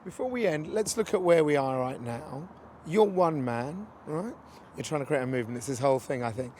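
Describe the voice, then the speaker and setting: A man's voice: fairly high pitch, lively intonation, brisk, darkish tone, a little hiss or hum. A man interviewing a guest outdoors, asking questions in a chatty, conversational way. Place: outdoors near a street demonstration.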